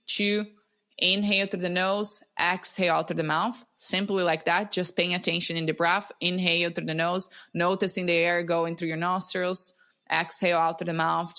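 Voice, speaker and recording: A woman who teaches breathwork, a podcast guest explaining simple techniques in a calm, instructive way over a video call. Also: lowish voice.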